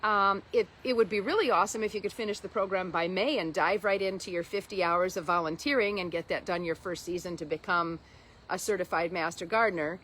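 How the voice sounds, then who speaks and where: A woman's voice: on the low side, a little fast, fairly bright tone, rough recording. A woman co-hosting a gardening show, talking casually and with enthusiasm. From Minnesota. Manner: enthusiastic, playful. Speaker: co-host, master gardener. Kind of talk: casual educational chat. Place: outdoor garden. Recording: outdoor recording with background noise.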